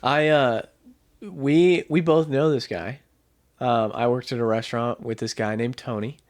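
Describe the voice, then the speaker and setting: A man's voice: medium pitch, fairly even intonation, unhurried. A young man co-hosting a casual sibling podcast, telling a rambling funny story and laughing along. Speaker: podcast co-host. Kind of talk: casual chat.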